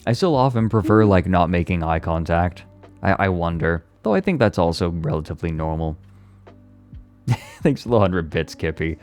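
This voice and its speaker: A deep-voiced man chatting loosely on a live stream, with faint music behind him. He rambles, swears freely, leans on "like" constantly and laughs between thoughts. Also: expressive, moderate pace, darkish tone. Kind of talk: casual chat on a live stream.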